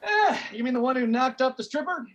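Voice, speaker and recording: Woman doing a gruff judgmental old dad. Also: high-pitched, animated, fairly quick. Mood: grumbling. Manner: grumbling, starts with a dismissive "eh". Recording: live club with crowd laughter.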